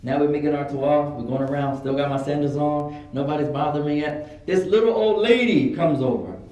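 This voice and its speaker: A man giving a religious lesson, telling stories in a relaxed, lively way and acting out what people said. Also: fairly high pitch, fairly quick. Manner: relaxed, animated storyteller, acts out quotes. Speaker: religious teacher. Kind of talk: classroom lesson with storytelling. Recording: echoey room, mic far off.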